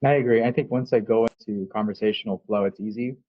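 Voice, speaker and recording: A man's voice: on the low side, fairly even intonation, fast, no echo, lo-fi sound. A man in a casual chat, asking hesitant, rambling questions full of fillers.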